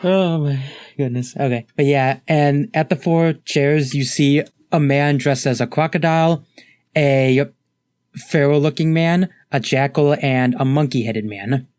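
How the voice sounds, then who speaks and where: A man narrating as game master of a tabletop game, relaxed and storytelling, slipping lightly into the gods' lines. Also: fairly high pitch, unhurried, clear, resonant tone, no echo, studio quality.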